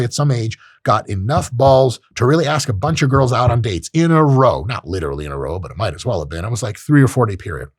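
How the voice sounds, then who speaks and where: A man hosting a podcast, talking in a casual monologue, profane and animated, jumping into high-pitched voices. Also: breathy edge, dry recording, clean studio sound. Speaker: podcast host.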